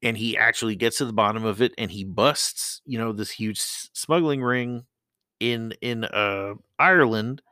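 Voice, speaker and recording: Bright-voiced man, rambling and profane. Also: lowish voice, normal speed, no echo, studio quality. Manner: rambling, profane, laughs often. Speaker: podcast host. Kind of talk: casual solo commentary. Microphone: close mic.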